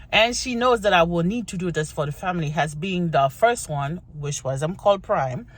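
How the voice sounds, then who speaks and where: Haitian-accented woman chatting on her vlog. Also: on the low side. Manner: chatty and encouraging, with frequent restarts and "you know". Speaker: vlogger. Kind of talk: casual get-to-know-me vlog.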